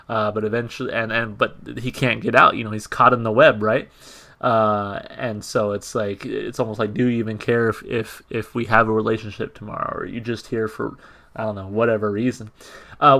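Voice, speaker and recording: A man hosting a music reaction video, chatting casually and picking apart song lyrics, with many fillers and repeated words. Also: on the low side. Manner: conversational, frequent fillers and repeats, reads lyrics in a flat tone. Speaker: music reaction channel host. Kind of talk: casual commentary, reading lyrics aloud.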